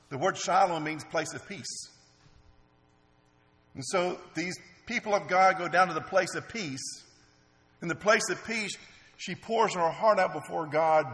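Earnest preacher in an echoing hall. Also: male voice, fairly high pitch, a bit bright. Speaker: pastor. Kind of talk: sermon. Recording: long reverb in a large hall.

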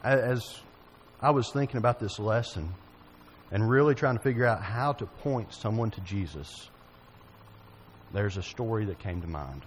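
A man's voice: lowish voice, moderate pace, long pauses, a little hiss or hum, low-quality recording. Folksy man telling a sermon story. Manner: folksy storytelling, asks the audience questions. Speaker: preacher.

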